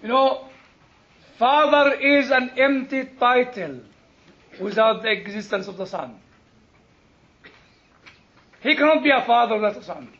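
Man, sermon, very high pitch, humorous storytelling, dull lo-fi recording. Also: unhurried, long pauses. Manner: animated, humorous storytelling with quoted exchanges. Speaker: preacher.

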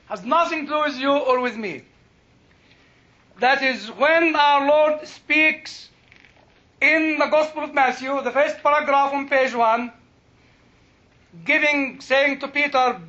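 Man, Bible teacher; very high, bright voice, slow delivery, dull lo-fi recording. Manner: slow, searching for English words. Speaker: Bible lecturer. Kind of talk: informal Bible talk. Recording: dull lo-fi sound.

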